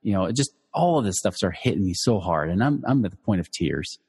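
A man's voice: low-pitched, big pitch swings, brisk, darkish tone, slightly rough, in a large hall. A middle-aged man who teaches personal finance, telling listeners a personal story in a loose conversational way, full of fillers and restarts. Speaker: financial educator.

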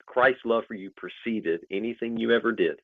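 A man speaking as a guest on a faith podcast, gentle and sincere. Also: lowish voice, moderate pace, dry recording. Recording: dry phone-like line.

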